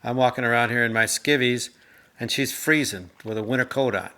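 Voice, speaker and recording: A middle-aged man rambling through a casual anecdote while he co-hosts a chat with his mother. His voice is bright and clear. He talks loosely, with restarts, and acts out the people in his story. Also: medium pitch, a little fast. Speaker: co-host.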